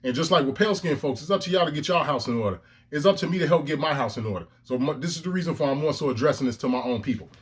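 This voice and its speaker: This male vlogger speaks rapid-fire in a fairly high, slightly rough voice. Self-recorded into his camera lens, he delivers an angry, profanity-laced rant punctuated by emphatic bursts.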